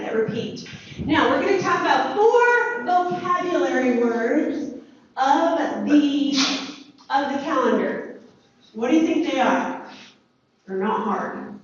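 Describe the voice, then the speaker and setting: A woman teaching a lively classroom lesson, asking the students questions and praising their answers. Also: high-pitched, slight background noise. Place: school classroom. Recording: echoey classroom from far off, dull.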